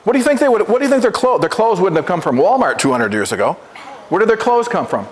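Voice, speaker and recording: A man with a high voice gives a talk to a class, stumbling over restarts and asking the room to repeat after him. A long reverb trails behind him in the school hall. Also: very animated, quick pace. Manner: stammering restarts, questions to the class. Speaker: visiting Oneida presenter at a school. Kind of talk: classroom presentation with call-and-repeat.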